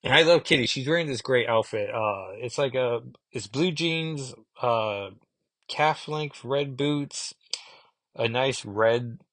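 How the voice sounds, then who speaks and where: A man's voice: mid-range voice, slow, fairly bright tone, no echo. A man casually reviewing comic books, rambling with fillers and asides.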